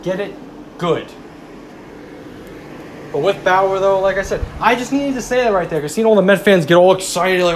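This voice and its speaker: A man's voice: on the high side, slight background noise. Heated mocking man ranting about sports. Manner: heated, mocking, swears, taunts rival fans. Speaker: sports commentator. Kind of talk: casual sports rant.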